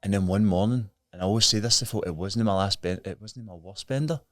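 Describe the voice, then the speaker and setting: Deep-voiced Scottish man, frank and earnest. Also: quick pace, fairly bright tone, no room sound, studio quality. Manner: earnest, frank, plain-spoken storytelling. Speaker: podcast guest. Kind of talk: candid recovery story in conversation.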